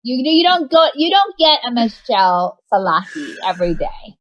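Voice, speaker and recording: Woman guest, rambling and hesitant, slightly high, very animated voice. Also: normal speed, muffled recording. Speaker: podcast guest. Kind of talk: casual chat.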